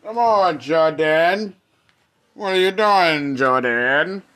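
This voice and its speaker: A man's voice: a little high, slow pace, fairly bright tone. A man hosting a family podcast at home, coaxing and teasing his toddler in a playful, casual chat. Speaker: podcast host and father. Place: home bedroom. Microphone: phone. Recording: noisy home phone recording.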